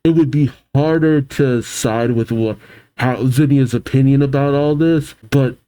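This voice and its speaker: Chill guy thinking out loud about a comic, warm low tone. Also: fairly even intonation, measured pace, smooth. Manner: musing, chatty, thinking aloud. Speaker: manga reaction host. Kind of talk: casual reaction and read-aloud.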